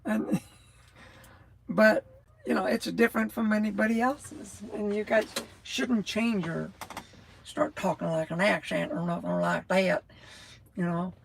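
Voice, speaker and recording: A woman's voice: mid-range voice, steady tone, a little slow, creaky, pauses often. A woman in her sixties from New Mexico with a scratchy, rattly voice, chatting casually and rambling on a livestream. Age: 60s. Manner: rambling, loses her train of thought, laughs often. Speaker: livestream host, truck driver.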